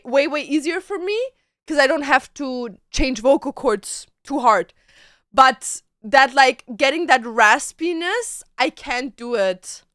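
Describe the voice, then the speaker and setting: Animated woman streamer ranting to chat. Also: high-pitched, dry recording, studio quality. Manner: animated, swears freely and rants; chatty, talks to chat between bursts of singing. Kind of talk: casual livestream chat.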